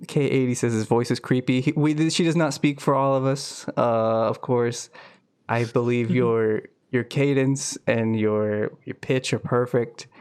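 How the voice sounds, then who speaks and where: A young man co-hosting a casual podcast, talking in a loose, rambling way with fillers and asides. His voice sits at an ordinary middle pitch. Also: steady tone, a little slow, darkish tone, clean tone. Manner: rambling, jokey, lots of fillers. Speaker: podcast co-host. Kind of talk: casual chat.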